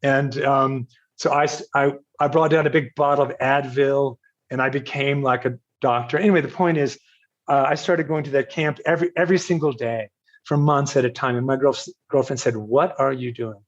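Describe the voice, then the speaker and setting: An older man from Virginia, a podcast guest telling a personal story in a halting, self-correcting way with frequent laughs. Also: medium pitch, highs cut off. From Virginia, USA. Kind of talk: casual storytelling interview.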